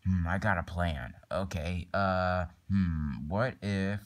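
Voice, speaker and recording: A man's voice: sits low, slow. A young man improvising a toy skit and doing all the voices, rambling with many fillers and restarts. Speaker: plush toy video maker.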